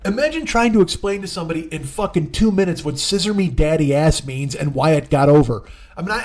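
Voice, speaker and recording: A comedian in his forties, hosting his own podcast, speaks in a high-pitched, slightly mellow voice. He tells a long, rambling, profane story in a casual, exasperated manner.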